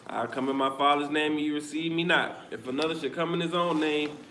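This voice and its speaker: A man with a slightly high voice reads scripture aloud at a steady pace and stumbles now and then. His voice echoes around the room. Steady background noise runs beneath it. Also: a little fast. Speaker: scripture reader.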